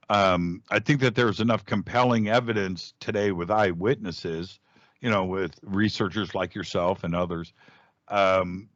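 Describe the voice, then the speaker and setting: A middle-aged man, a radio host guesting on a podcast, telling a personal story in a lively, casual way with frequent restarts and sudden jumps in pitch. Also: no echo. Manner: animated storyteller, jumps up in pitch when acting out quoted speech, frequent restarts. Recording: dull, dry lo-fi audio.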